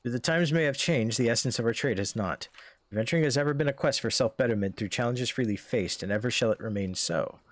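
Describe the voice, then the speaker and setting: A man voicing a wise, calm veteran adventurer, speaking in a measured way. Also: medium pitch, close to an everyday voice. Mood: solemn.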